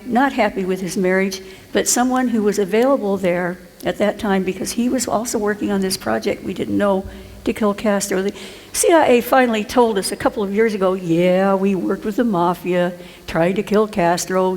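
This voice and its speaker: A woman's voice: medium pitch, a little mellow, slight background noise. Chatty older woman in a reverberant hall. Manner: chatty, rambling, laughs often and restarts lines. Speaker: author and conference speaker. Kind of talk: storytelling talk to a live audience. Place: conference hall.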